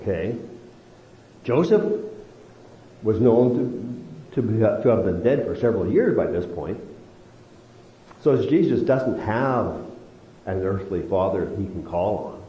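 A Bible teacher leads a study with lively, animated delivery, his pitch swinging up and down. He speaks slowly and deliberately, stretching out key phrases for emphasis. The recording sounds roomy and slightly dull, with a faint hiss in the background.

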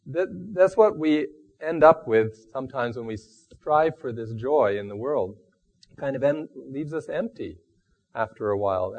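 A man giving a sermon in a halting, thoughtful and self-deprecating way. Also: mid-range voice. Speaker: preacher. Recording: dull lo-fi recording.

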